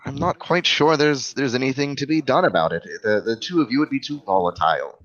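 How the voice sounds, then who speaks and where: A man voicing Aiden, a formal, distrustful elder who speaks in measured, careful sentences. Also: medium pitch, a bit bright, lightly acted. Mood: guarded. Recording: dull lo-fi recording.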